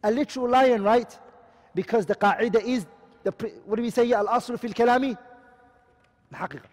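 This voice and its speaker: A man's voice: extremely high pitch, fairly quick, long reverb tail. A man teaching a class, explaining terms and asking his students questions as he goes. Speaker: Islamic studies teacher. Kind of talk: classroom lecture.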